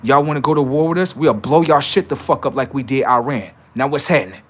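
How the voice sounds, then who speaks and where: A man hosting a livestream, ranting in a heated, taunting way, swinging between loud jeers and low asides. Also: fast talker. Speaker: livestream host. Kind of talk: profane livestream rant.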